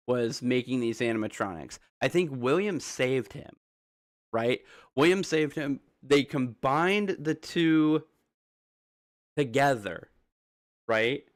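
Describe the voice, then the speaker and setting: A man's voice: mid-range voice, a bit bright. A young man streaming a reaction, theorizing in casual rambling commentary full of restarts and rhetorical questions.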